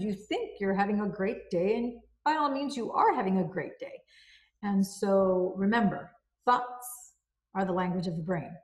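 A woman of middle pitch explains self-help ideas in a casual, conversational way. She circles back to key phrases and leans on everyday examples. Her voice rings a little in a roomy space. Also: darkish tone. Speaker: book reviewer.

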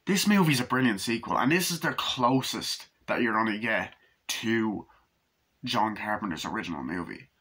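A man reviewing a film in a casual, excited way, swearing often and acting out quoted lines, with a husky voice. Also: fairly low pitch, normal speed. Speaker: movie reviewer.

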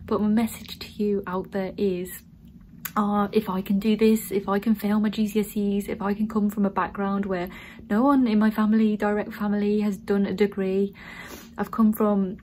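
A woman's voice: mid-range voice, steady tone, normal speed, mellow, slight background noise, low-quality recording. A woman in her thirties, a student nurse, chatting casually to her viewers and talking them through things step by step. She sounds earnest and encouraging. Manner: chatty, addresses viewers as guys. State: tearful, emotional. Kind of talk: casual vlog.

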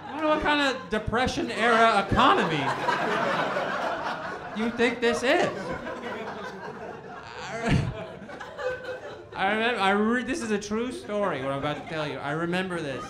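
A man's voice: high voice, moderate pace, pauses often, very noisy. A man in his thirties doing a stand-up comedy set in a bowling alley venue, telling stories animatedly and acting out the dialogue in shifting voices. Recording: roomy live venue with crowd laughter.

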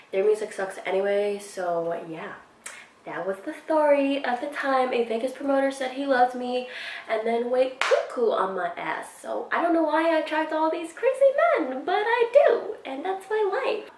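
A young woman vlogger telling a story in casual, slangy chat, swearing freely and animated. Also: mid-range voice, recorded from a distance, slight background noise. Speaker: beauty vlogger. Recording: echoey room, mic set back.

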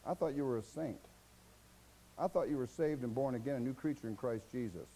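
A man's voice: medium pitch, brisk, warm tone, a little hiss or hum, low-quality recording. A man with an American accent preaching a sermon as pastor, folksy and exhorting, asking rhetorical questions and mimicking his listeners' excuses.

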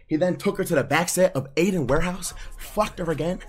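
A man's voice: high-pitched, fairly quick. A young man streaming, ranting in casual, profane, heated slang. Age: young adult.

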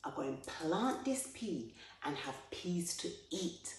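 A woman voicing a cunning male spider trickster, shrill and haggling. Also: sing-song, slow, a little hiss or hum. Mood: bargaining. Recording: very echoey room.

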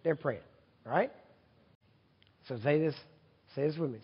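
A man's voice: fairly high pitch, measured pace, husky. A man preaching at a healing service, chatting with the congregation and checking for their agreement as he explains what to do. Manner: leads congregation in repeat-after-me prayer, loud and emphatic; conversational, asks audience for agreement. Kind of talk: sermon. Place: large hall with congregation. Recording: dull recording with long hall reverb.

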